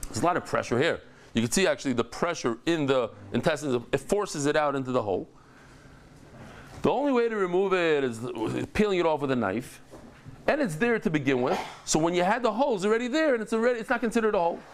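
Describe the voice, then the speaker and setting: A middle-aged man teaching a daily Talmud class, animated, telling stories with lively joking asides. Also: on the high side, quick pace, slight background noise.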